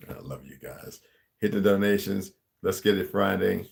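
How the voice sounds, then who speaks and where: A man's voice: low-pitched, normal speed, gravelly. A man talking casually to his viewers, rambling with many restarts and asides.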